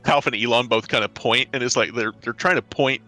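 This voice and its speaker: A man's voice: mid-range voice, steady tone, fairly quick, sharp tone, faint music behind. A man narrating as game master of a tabletop game, describing scenes with frequent restarts. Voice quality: hesitant, many restarts while describing scenes.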